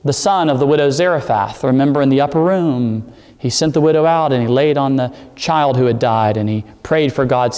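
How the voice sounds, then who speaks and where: A man preaching a sermon, explaining scripture and climbing in pitch on the words he stresses. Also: darkish tone, in a large hall. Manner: expository preaching, rising emphasis on key words. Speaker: pastor.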